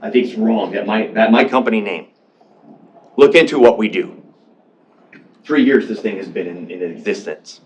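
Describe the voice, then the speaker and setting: A man's voice: on the low side, normal speed, pauses often, a little mellow, husky. A man speaking in public comment at a county board meeting, emotional and defensive, often repeating himself and restarting. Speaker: public commenter, veteran and business owner.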